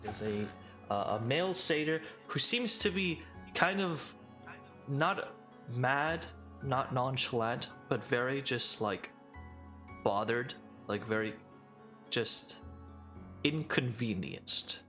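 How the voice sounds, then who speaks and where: A man narrating a tabletop game as game master, rambling with many pauses and restarts. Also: medium pitch, sharp tone, faint music behind.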